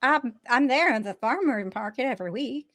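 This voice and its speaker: Woman voicing a wary masked flower seller from the woods, speaking a little high in a hesitant, guarded way with no room sound around her. The voice is dry and close, part of a tabletop role-play. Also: lively intonation, fairly quick, fairly bright tone, dry recording.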